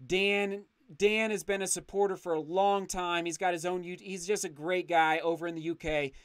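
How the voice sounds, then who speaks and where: A man's voice: high voice, fairly even intonation, moderate pace, smooth, dry recording, clean studio sound. A man hosting a casual livestream, reading viewer comments aloud and thanking them effusively, often restarting his sentences. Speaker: channel host reading live chat.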